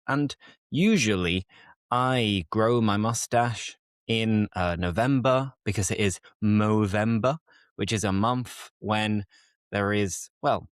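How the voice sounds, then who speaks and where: A British man hosting an English-learning podcast, teaching in a slow, clear and playful way. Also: fairly low pitch, dry recording, clean studio sound. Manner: playful, lively and animated.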